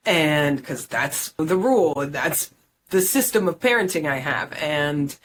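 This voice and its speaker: A woman's voice: low voice, expressive, unhurried, slightly rough. A middle-aged woman speaking as a parenting coach, talking candidly and conversationally with many fillers and restarts. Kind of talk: casual reflective talk to camera.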